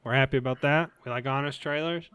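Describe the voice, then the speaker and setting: A man's voice: medium pitch, steady tone, fast talker, a bit bright, clear, resonant tone, no echo. A man co-hosting a casual movie podcast, rambling with restarts and trailing off. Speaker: podcast co-host.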